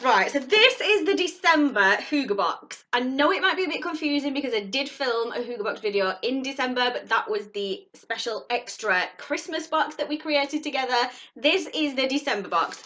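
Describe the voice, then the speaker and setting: A woman vlogging a subscription box unboxing in casual chat, gushing and excitable. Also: high voice, moderate pace, hardly any pauses. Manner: gushing and excitable, squeals at surprises.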